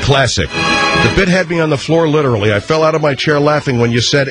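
A man's voice: lively intonation, a little fast, a bit bright, soft background music. A man hosting a radio show, reading listener mail aloud with sarcastic asides. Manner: wisecracking, sarcastic, drifts between pitches while reading letters.

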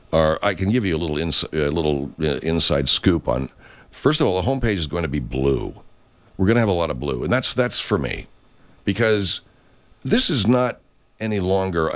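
A middle-aged man hosting a podcast, musing in a casual, rambling monologue full of swearing and restarts. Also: low voice. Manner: rambling, profane, many restarts. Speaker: podcast host.

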